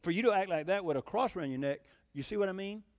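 A male preacher delivers a folksy sermon. His high voice swings widely in pitch as he drives home rhetorical questions. The delivery is emphatic and conversational. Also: expressive, fast talker, big-room sound.

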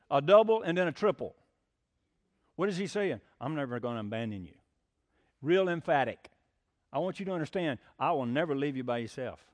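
A man's voice: fairly high pitch, animated, a little fast. An older man preaching a folksy sermon as pastor, mixing homespun jokes with emphatic preaching. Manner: homespun, jokey asides, rising to emphatic preaching.

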